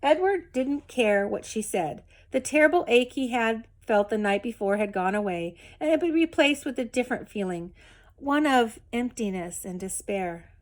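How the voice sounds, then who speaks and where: A woman reading a children's novel aloud in a measured, expressive storytelling manner. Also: fairly high pitch. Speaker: reader.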